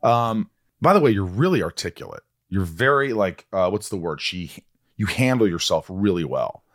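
Low-voiced man, rambling host. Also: sing-song, moderate pace, fairly bright tone. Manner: rambling storyteller, swears casually. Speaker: podcast host and actor. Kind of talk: casual interview chat.

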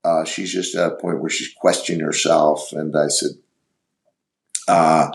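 A middle-aged man telling stories on a podcast, rambling and halting as he searches for words. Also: extremely low pitch, flat delivery, gravelly. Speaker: podcast guest. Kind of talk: casual storytelling.

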